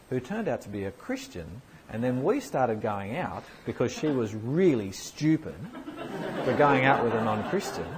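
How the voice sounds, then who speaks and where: Lively male preacher, low voice. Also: slight background noise, low-quality recording. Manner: lively, conversational, animated emphasis. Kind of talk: sermon with question answers.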